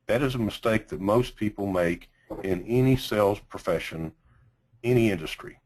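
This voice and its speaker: A man with a Texas accent teaching a sales training class, speaking slowly with deliberate pauses and emphasis. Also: low-pitched, low-quality recording.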